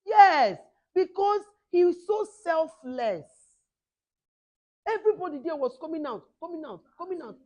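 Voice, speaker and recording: A middle-aged woman with a hoarse voice, leading children at a camp in lively call-and-response. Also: very high-pitched, a little slow, muffled recording. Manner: animated, call-and-response, mixing two languages. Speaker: camp teacher.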